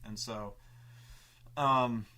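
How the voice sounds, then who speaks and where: A man's voice: mid-range voice, steady tone, very slow, sharp tone. A man telling a tabletop gaming story in a casual, profane, rambling way, full of restarts and stammered repeats. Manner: profane and emphatic. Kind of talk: casual anecdote.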